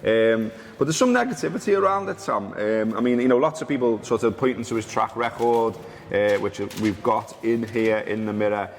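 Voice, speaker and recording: A low-voiced man hosts a casual football chat show, joking, teasing and stumbling over names. His voice rings with a long hall reverb, and a faint hum sits behind him. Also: normal speed. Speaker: podcast host.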